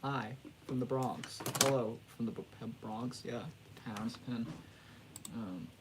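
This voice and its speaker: A man's voice: medium pitch, slow, noisy background. A man hosting a casual livestream, rambling and joking at his own expense, laughing and restarting often. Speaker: livestream host.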